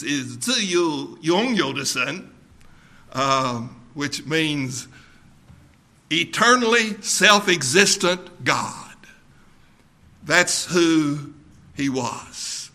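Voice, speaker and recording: Male pastor, sermon delivery; slow, deliberate, bright and forceful tone, emphatic repeats. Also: fairly high pitch.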